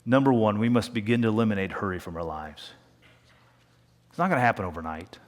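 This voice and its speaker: A man's voice: on the low side, expressive. Conversational male pastor in a reverberant church. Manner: conversational preaching, slows down and drops to a hush for emphasis. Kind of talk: sermon. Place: church sanctuary. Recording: long reverb of a church hall.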